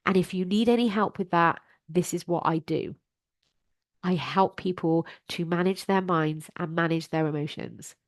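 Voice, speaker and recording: A woman's voice: on the low side, moderate pace, no echo. A middle-aged woman hosting a solo advice podcast as a life coach, talking in an earnest, encouraging and direct way.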